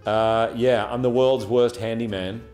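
A man in his forties with an Australian accent answers press interview questions easily, chuckling between thoughts. His voice sits in an ordinary middle pitch. Faint music runs underneath. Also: unhurried. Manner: relaxed, good-humoured, chuckling. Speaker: actor guest.

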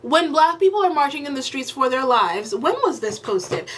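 A woman's voice: high-pitched, sing-song, normal speed, fairly bright tone, a little hiss or hum. A woman video creator delivering an exasperated, emphatic rant in a casual commentary vlog, often repeating herself for effect.

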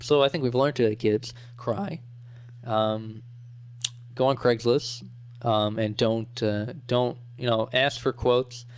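A man's voice: mid-range voice, steady tone, slow pace, clear, resonant tone. A man in his thirties co-hosting a casual podcast, riffing with crude wisecracks and jokes. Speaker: podcast co-host.

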